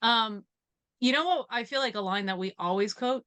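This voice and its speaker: A woman's voice: fairly high pitch, moderate pace, clear, resonant tone. A woman from West Virginia chatting as a podcast guest, telling stories with frequent laughs. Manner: giggly, lively storytelling. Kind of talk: casual chat.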